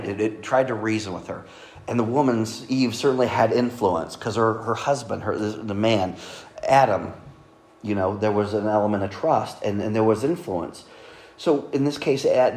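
A man's voice: lowish voice, a little mellow. A man preaching a sermon at a microphone in a conversational way, with joking asides. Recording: echoey room.

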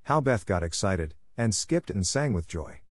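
A man narrating a classic novel as a scripted audiobook in a steady, measured reading. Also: fairly low pitch, slightly rough, no echo, clean studio sound.

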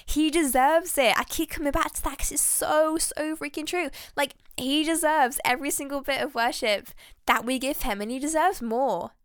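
A woman hosting a faith podcast, talking in an excitable, heartfelt and rambling way. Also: high voice, moderate pace, no echo, clean studio sound. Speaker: podcast host.

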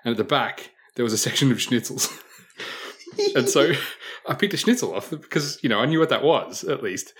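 A man's voice: mid-range voice, expressive, fairly quick, a bit bright. A man in a casual group chat, telling an anecdote in a chatty, wry way with small chuckles. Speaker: podcast panelist.

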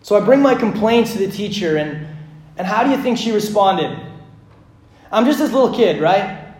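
A male pastor preaching a sermon, dramatic, swinging between loud emphasis and hushed lines with slow repetition. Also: sits high, expressive. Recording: echoey room.

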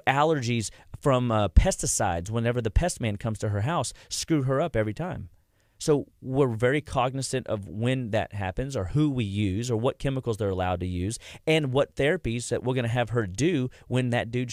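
This mid-range male voice has a darkish tone and comes through at studio quality without echo. The speaker, a middle-aged practitioner and show host, leads a relaxed health talk on the radio, spinning stories and voicing his patients' words.

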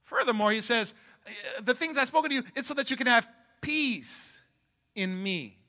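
Pastor guy preaching, bright ringing voice, gets the crowd answering back, shouts at the big moments. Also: extremely high pitch, animated, moderate pace. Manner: preaching with call-and-response to the congregation; rises to shouting at peaks. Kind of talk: sermon. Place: church sanctuary.

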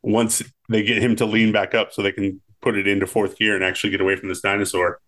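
Male co-host, slightly low voice, easygoing and conversational, lots of "like" and "um". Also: fast. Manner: relaxed, says "like" and "um" often. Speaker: podcast co-host. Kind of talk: casual movie chat.

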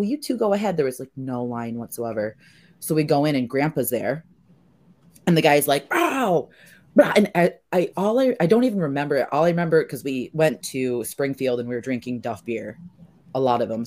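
A woman hosting a casual podcast chat, an animated storyteller who swears freely and acts out quotes. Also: extremely low pitch. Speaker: podcast host.

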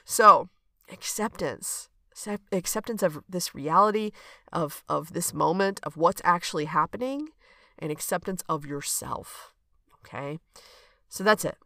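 A woman's voice: fairly low pitch, animated, measured pace, fairly bright tone, no room sound, clean studio sound. A woman hosting a reflective solo podcast, talking in an earnest, conversational way and often checking in with "okay?". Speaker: podcast host and coach.

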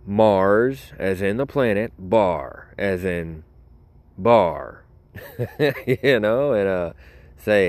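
A man's voice: deep voice, takes it slowly, pauses often, no room sound. A young man hosting a casual show, telling rambling, joking stories with many asides and self-interruptions. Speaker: podcast host.

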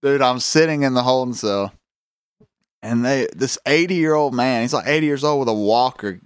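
A man's voice: medium pitch, moderate pace, smooth, no room sound, studio quality. A man telling a rambling, profane story on a casual podcast, acting out the voices of people in it. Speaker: podcast host.

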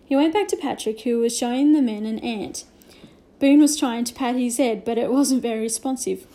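A woman reading a children's novel aloud with gentle storytelling and hushed asides. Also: fairly high pitch, normal speed. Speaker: reader.

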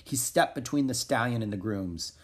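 A man narrating a children's chapter book aloud in an expressive storytelling manner. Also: medium pitch, normal speed, husky. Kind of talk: children's audiobook reading.

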